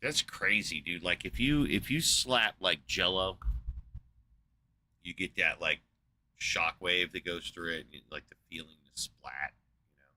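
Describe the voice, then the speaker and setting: A podcast host delivers a casual, profane rant, swearing heavily and sounding incredulous, his monologue rambling and full of fillers. His low voice is bright and forceful, unhurried, with frequent pauses.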